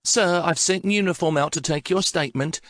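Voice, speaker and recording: Un uomo che fa una centralinista d'emergenza calma e formale. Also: male voice, fairly high pitch, no room sound, voice pushed up, lightly acted. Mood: calm. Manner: calm, brisk, official. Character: woman emergency dispatcher, calm and formal.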